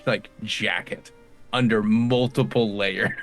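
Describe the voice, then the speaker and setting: A man's voice: lowish voice, fairly even intonation, takes it slowly, a bit bright, faint music behind. A man and father playing a tabletop game, chatting in a rambling, laughing way with side tangents. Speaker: player. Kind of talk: casual game chat.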